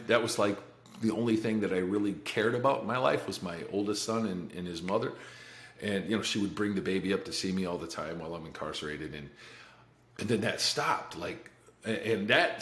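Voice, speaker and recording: Blunt, low-voiced man in an echoey room. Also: a bit bright. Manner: blunt and profane, with restarts and nervous laughs. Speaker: podcast guest. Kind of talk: candid life-story interview. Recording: roomy echo.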